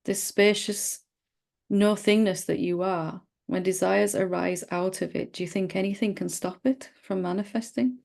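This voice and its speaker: A middle-aged woman leading a satsang dialogue as a spiritual teacher, speaking gently and playfully, sometimes teasing. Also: medium pitch, fairly even intonation, normal speed, creaky.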